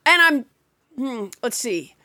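A woman hosting a comedic podcast, wry with quick asides. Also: sits high, sing-song, bright, forceful tone, dry recording, studio quality. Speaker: podcast host.

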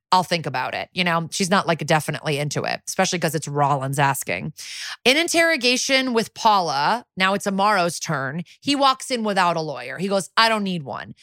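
A woman's voice: mid-range voice, dry recording, studio quality. A woman co-hosting a podcast, recapping a TV episode in a casual, profane way and acting out the characters' lines as she goes. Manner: lively storytelling, acting out characters' lines in quick bits. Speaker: podcast co-host.

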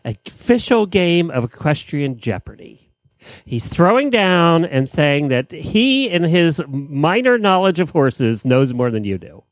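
A woman co-hosting a casual talk show, bantering and laughing with her co-hosts. Her pitch jumps around a lot as she talks. The sound is dry and close. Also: unhurried, dry recording. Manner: animated, laughs often. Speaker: co-host. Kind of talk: casual chat.

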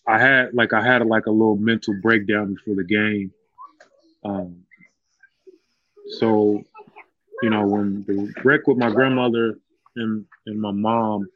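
Low-voiced man, heartfelt casual storyteller. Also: a bit bright, no echo, highs cut off. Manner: heartfelt, loose, many "you know" fillers. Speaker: former college basketball player, guest.

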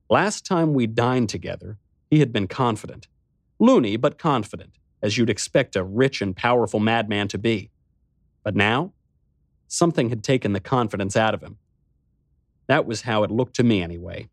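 A man narrates a first-person story with a wry, sardonic edge. His voice sits low, and the recording is close and dry with no room sound. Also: no echo.

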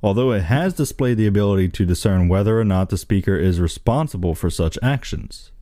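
Laughing low-voiced man reading aloud. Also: animated, a little fast, mellow, no room sound, studio quality. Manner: giggly, breaks into laughter while reading. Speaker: co-host reading an entry aloud. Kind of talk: casual chat, reading text aloud with commentary.

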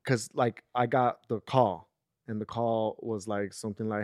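A man's voice: fairly low pitch, normal speed, no room sound, clean studio sound. A man hosting a casual chat, telling stories and acting out the quotes with rising heat. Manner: animated storyteller, acts out quotes with rising intensity. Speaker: podcast host.

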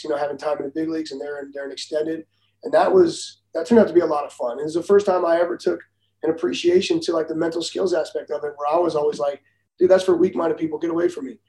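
A man in his forties, a former baseball pitcher, telling stories in casual talk. He is animated, acts out the other people's lines and laughs as he goes. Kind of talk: casual storytelling. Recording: roomy echo.

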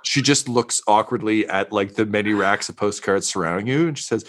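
A man's voice: on the low side, fairly quick, fairly bright tone. A man narrating as game master in a tabletop game, rambling with many fillers and jokes. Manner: rambling, filler-heavy, jokey.

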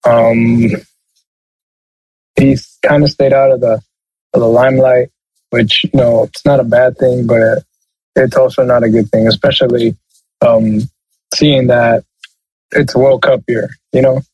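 A man co-hosting a sports podcast while sick, his voice nasal, talking haltingly and clearing his throat. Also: medium pitch, level tone, a little mellow, no room sound, rough recording. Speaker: podcast co-host. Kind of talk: casual sports chat.

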